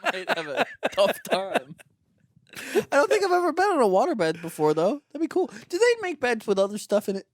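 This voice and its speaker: A man's voice: very high-pitched, wildly swooping pitch, fairly quick, no echo. A man co-hosting a podcast in casual chat, easygoing and laughing often. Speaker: podcast co-host.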